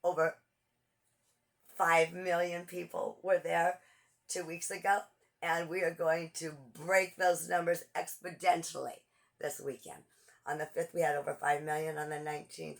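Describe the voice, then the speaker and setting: A woman's voice: sits low, level tone, moderate pace, creaky. A woman giving a frustrated, urgent political monologue, repeating phrases as she pleads and rails. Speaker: political commentator.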